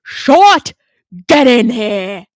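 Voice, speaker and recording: A woman's voice: medium pitch, expressive, moderate pace, darkish tone, no room sound, clean studio sound, lightly acted. A woman voicing a bad-tempered male fairy police commander who roars and makes demands, in a storybook reading. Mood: furious. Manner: roaring, demanding.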